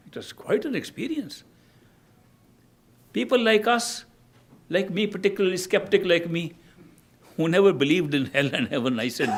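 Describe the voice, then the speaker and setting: High-voiced older man. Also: expressive. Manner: measured, storytelling, restarts phrases. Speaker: spiritual teacher. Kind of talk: spiritual discourse.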